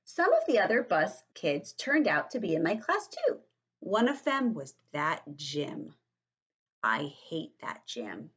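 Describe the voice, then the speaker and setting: A woman voicing a loud, bossy kindergarten girl in a storybook read-aloud, with a husky voice. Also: mid-range voice, huge pitch swings, a little slow, dull audio. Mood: grumpy. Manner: brash and hollering.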